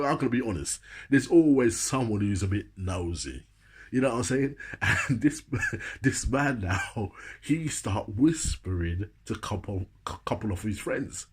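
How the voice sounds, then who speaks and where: Chatty man with a husky voice. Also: on the low side, darkish tone. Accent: Jamaican. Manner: chatty, laughs often, keeps asking "you know what I'm saying". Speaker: storyteller. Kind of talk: casual comic storytelling.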